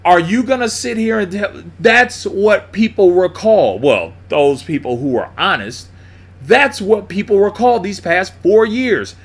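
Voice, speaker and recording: A man's voice: high voice, lively intonation, unhurried. A man giving a blunt, profane monologue on prices and bills, mocking people as he goes. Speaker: commentator. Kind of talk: opinionated monologue.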